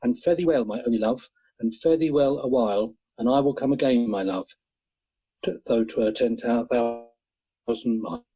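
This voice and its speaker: A man reciting poems in a measured, gentle way over an online call. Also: mid-range voice, slightly rough, soft background music, poor audio. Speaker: poetry reader. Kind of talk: poetry reading.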